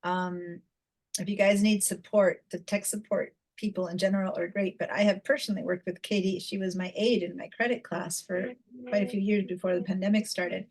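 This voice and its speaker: A woman's voice: medium pitch, fairly even intonation, brisk, a little mellow, poor audio. Chatty woman teaching an online class. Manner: chatty, many fillers and restarts. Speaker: design instructor. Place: home, video call. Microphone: computer mic on video call.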